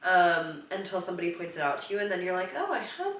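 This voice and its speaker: Bright young woman, echoey room. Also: fairly low pitch, steady tone, fast, recorded from a distance, a little hiss or hum. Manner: playful, jokey banter. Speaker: podcast co-host. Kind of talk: casual chat.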